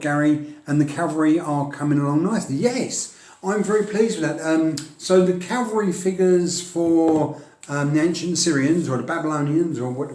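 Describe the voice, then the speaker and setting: A man's voice: on the high side, a little mellow, reverberant. A middle-aged Englishman, vlogging about his wargaming hobby in a chatty, self-deprecating way, often laughing and restarting his sentences. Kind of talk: casual rambling chat to camera. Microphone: filming on a tablet.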